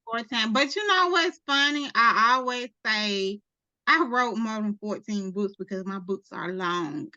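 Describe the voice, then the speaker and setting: Bright Mississippi woman, drawling slang. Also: a little high, a little slow, no echo, dull audio. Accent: Mississippi Southern. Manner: animated, laughing, drawling slang. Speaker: guest author. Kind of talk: casual interview chat.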